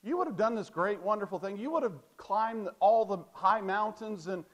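Preacher guy giving a sermon, kinda high voice, emphatic, repeats himself a lot. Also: moderate pace. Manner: emphatic, repetitive preaching with rhetorical questions.

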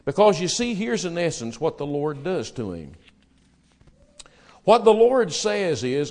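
A man with a fairly high voice delivering a sermon. He preaches with loud emphasis to his listeners, then drops to a soft, hushed voice when retelling dialogue. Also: very animated, measured pace, pauses often.

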